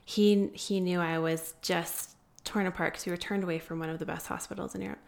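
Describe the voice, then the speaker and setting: A woman guest telling a long story in an interview, earnest and pausing often with fillers. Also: lowish voice, steady tone, creaky, a little mellow. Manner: earnest, many filler pauses. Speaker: guest, founder of an anti-trafficking group.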